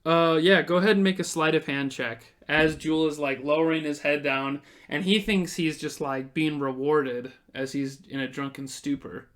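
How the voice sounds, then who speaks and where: A man's voice: a little high, fairly even intonation, moderate pace, few pauses, a bit bright. A man running a tabletop game as game master, narrating casually with laughs and swearing.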